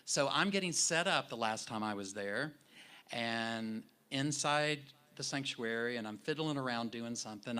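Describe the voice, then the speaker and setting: Bright-voiced male minister telling stories. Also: medium pitch, moderate pace, clear, resonant tone. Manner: warm conversational storyteller, animated in retellings. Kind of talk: sermon with personal storytelling. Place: church sanctuary.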